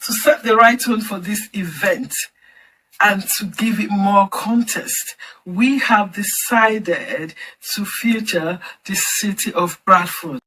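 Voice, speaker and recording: A woman hosting a formal online celebration event, announcing each part in a measured, deliberate way. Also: medium pitch, bright, forceful tone, slight background noise, poor audio. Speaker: event host and campaign founder.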